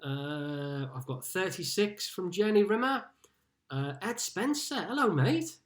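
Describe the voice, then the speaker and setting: A man's voice: high voice, expressive, a little slow. A man from Liverpool hosting a casual live-streamed pub quiz from home, chatting and greeting players by name as he reads out their scores. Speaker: quiz host.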